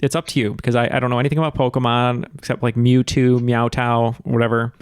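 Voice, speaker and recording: A man's voice: medium pitch, level tone, fast talker, clean tone, no echo, clean studio sound. A man playing in a trivia game, chatting in a rambling, self-deprecating way and chuckling as he goes. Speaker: trivia contestant. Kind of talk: casual chat.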